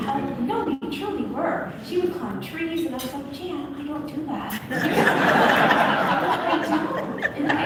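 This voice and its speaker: A woman on stage, talking warmly and emotionally about her family in a live conversation. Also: high-pitched. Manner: warm, gushing, emotional storytelling. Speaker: guest on stage. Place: large venue with audience. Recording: echoey hall from far off, noisy.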